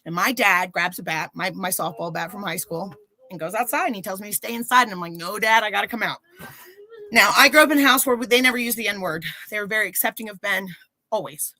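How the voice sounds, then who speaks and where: Podcast guest, woman, 30s, candid storyteller, bright clear voice, mimics quoted people. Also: mid-range voice, fast, dry recording, low-quality recording. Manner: animated, acts out quoted voices.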